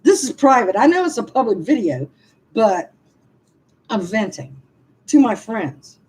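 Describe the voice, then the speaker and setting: A woman's voice: on the high side, sing-song, unhurried, a little mellow, husky, poor audio. A woman, venting frankly to viewers on a casual livestream and answering their comments with laughing asides. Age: 60s. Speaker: livestream vlogger reading comments.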